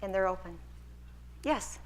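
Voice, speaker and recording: A woman's voice: mid-range voice, expressive, measured pace. A woman lecturer taking questions from a hall audience, earnest and encouraging as she answers. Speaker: guest lecturer.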